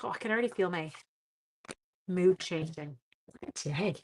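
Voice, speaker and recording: A woman's voice: on the low side, measured pace, a little hiss or hum, rough recording. A middle-aged woman, hosting a card-making livestream and chatting with viewers while telling a rambling story. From Canada. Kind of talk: casual chat while crafting.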